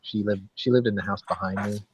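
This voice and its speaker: A man's voice: lowish voice, fairly even intonation, quick pace, slight background noise. A man hosting a casual online hangout, telling long rambling stories, swearing and laughing a lot over a video call. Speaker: host of a gun channel hangout. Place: home, live video hangout. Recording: dull lo-fi dry sound.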